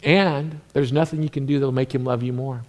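A pastor giving a sermon in a conversational way, lively at times and dropping to a hushed near-whisper at others. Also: male voice, mid-range voice, a little fast. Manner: conversational preaching that swings from animated to hushed, near-whispered passages.

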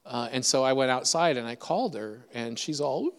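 A man's voice: medium pitch, normal speed. A middle-aged man preaching in a chatty, self-deprecating, humorous storytelling style. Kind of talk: storytelling sermon. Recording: echoey hall reverb.

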